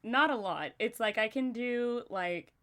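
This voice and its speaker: A woman's voice: fairly high pitch, lively intonation, a little slow, bright, forceful tone. Chatty woman hosting a livestream. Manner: chatty, laughs often, talks to herself. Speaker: livestream host. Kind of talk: casual chat.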